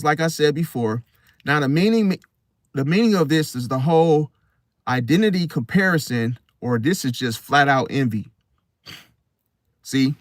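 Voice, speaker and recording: A man with a somewhat high voice talks straight to his viewers in an emphatic, casual monologue. He keeps circling back to the same phrases and checking in with "See?" The sound is dry and close, with no room around it. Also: animated, moderate pace, dry recording. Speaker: astrology channel host.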